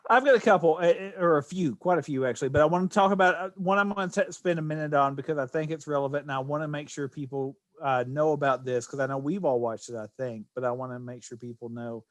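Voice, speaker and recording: A man's voice: on the high side, fast, hardly any pauses, dry recording. Eager man chiming in on films. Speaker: podcast co-host. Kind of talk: casual movie chat.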